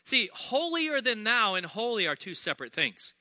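A man preaching a sermon as pastor, energetic and humorous, repeating key phrases for emphasis. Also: sits high, moderate pace, no echo.

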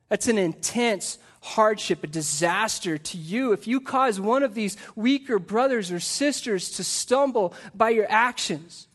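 A man's voice: high-pitched, lively intonation, a little slow, hardly any pauses, fairly bright tone. A middle-aged man, a pastor preaching a sermon into a pulpit microphone, earnest and emphatic, asking the congregation rhetorical questions.

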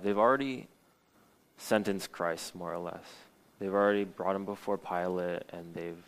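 A young man delivers an earnest sermon, reading scripture and stopping to explain it. His voice sits low and stays fairly flat, and he often restarts his sentences with fillers. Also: normal speed, low-quality recording. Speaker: preacher.

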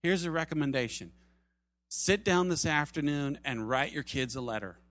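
Earnest preaching man, higher voice. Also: moderate pace, no echo. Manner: earnest, swings from loud urging to soft low asides. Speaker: pastor. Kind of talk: sermon.

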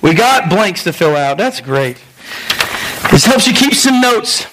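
A man pastor preaching a sermon in a lively storytelling way, acting out voices and making quick asides. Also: high-pitched, noisy background.

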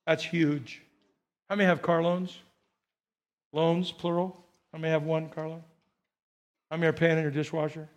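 High-voiced animated male pastor. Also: normal speed, long pauses. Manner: animated, repeats phrases, coaxes the congregation to respond. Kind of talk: sermon. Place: church.

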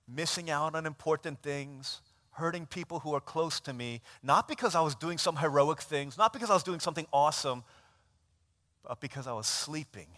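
Bright-voiced pastor preaching in a reverberant hall. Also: male voice, a little high. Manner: animated, self-mocking storyteller. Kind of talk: sermon storytelling. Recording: long church reverb.

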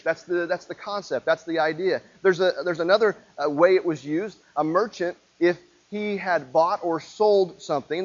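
Fairly high-voiced pastor preaching casually. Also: male voice, dull audio. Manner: conversational, repeats words and restarts often. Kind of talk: sermon.

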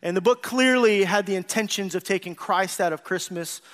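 A pastor with a strikingly high, fairly bright voice preaches a sermon to his church at normal speed. Earnest and personal, he swells into emphatic bursts, drops low to confide, and calls out to the congregation for agreement.

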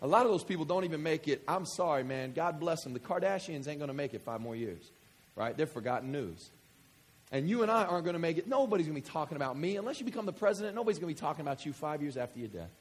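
A man from West Kentucky preaching a sermon, joking with the congregation and swinging from quiet scripture reading to loud excitement. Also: on the high side, fast, slightly rough. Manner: animated, jokey, swings between quiet reading and loud enthusiasm. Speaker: pastor.

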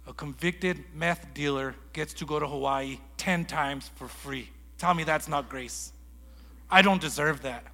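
A man preaching a sermon in a lively storytelling way, acting out conversations as he goes. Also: medium pitch, slightly rough, in a large hall. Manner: animated storytelling, acts out dialogue. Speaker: guest preacher.

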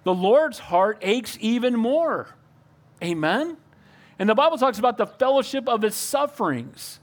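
A man's voice: extremely high pitch, expressive, unhurried. An older man preaching a sermon as pastor, earnest and calling out to the congregation for amens.

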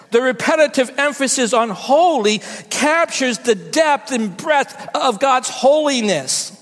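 A woman pastor preaching a sermon, high in pitch and unhurried. She builds emphasis through repetition, letting each phrase land. The recording carries the long reverb of a large church hall.

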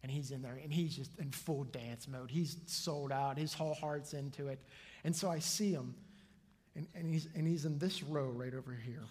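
A male pastor preaching a sermon to his congregation, telling stories with lively energy and acting out the people in them. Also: mid-range voice, moderate pace, husky. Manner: lively storytelling, acts out the people in his anecdotes. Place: church sanctuary before a congregation. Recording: long hall reverb.

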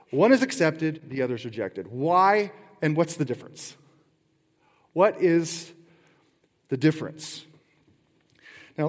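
In a medium-pitched, slightly mellow voice, a middle-aged man delivers a sermon as a pastor. His style is conversational, sprinkled with rhetorical questions and playful asides, and the sound carries a long hall reverb.

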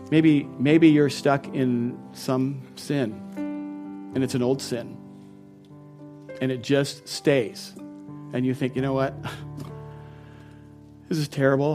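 A man's voice: medium pitch, a little mellow. A middle-aged man, a pastor, preaching a sermon in an earnest and personal storytelling way, often laughing.

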